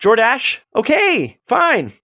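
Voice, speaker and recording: A man's voice: very high-pitched, wildly swooping pitch, slow pace, pushed and bright. A man hosting a livestream, chatting casually in a rambling, self-deprecating way. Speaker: livestream host. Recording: dull lo-fi stream audio.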